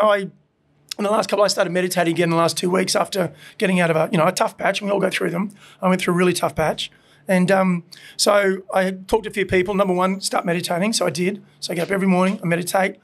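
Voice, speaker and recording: A quick-talking man with a high, gravelly voice. He chats frankly about his restaurant and swears often. He rambles loosely and piles up fillers. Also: a bit bright. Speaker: restaurant owner, guest. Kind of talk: candid casual chat.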